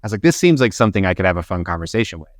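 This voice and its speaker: Man, low voice, dry close recording, casual podcast chat, animated storyteller. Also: racing, no echo. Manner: chatty storyteller, acts out quotes in a raised voice. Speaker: co-host.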